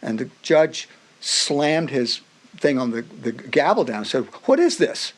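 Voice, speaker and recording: A middle-aged man of middling pitch tells stories from his own life as a podcast guest. His voice rises and falls freely as he acts out what others said, and he often breaks off and restarts his sentences. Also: a little slow. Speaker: podcast guest, music professor. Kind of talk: personal storytelling in a conversation.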